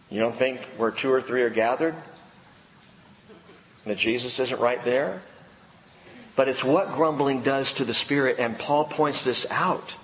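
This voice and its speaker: A man's voice: medium pitch, normal speed, slight background noise. A male pastor preaching a sermon in an emphatic style, fond of rhetorical questions. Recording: echoey hall, faint ambience.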